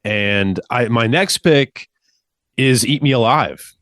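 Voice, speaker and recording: A man's voice: mid-range voice, slow, a bit bright, no echo, clean studio sound. A man in a casual podcast discussion about an album, talking with enthusiasm and filling his sentences with "like". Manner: enthusiastic, fillers and "like".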